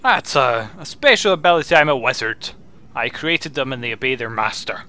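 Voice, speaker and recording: A man's voice: mid-range voice, animated, moderate pace, bright, forceful tone. A man voicing a male wizard who commands zombies, speaking formally and overly politely with hesitant phrasing. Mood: gracious.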